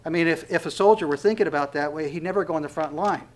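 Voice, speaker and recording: A man preaching a sermon in an earnest way, slowing to stress key words, swelling to emphatic calls and falling to a hush. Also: on the high side. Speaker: pastor.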